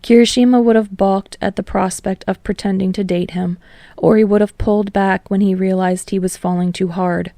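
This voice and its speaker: Reading fan fiction aloud in audiobook style, a woman keeps a steady pace that eases off during emotional moments. Her medium-pitched voice sounds mellow and slightly gravelly. The sound is close and dry.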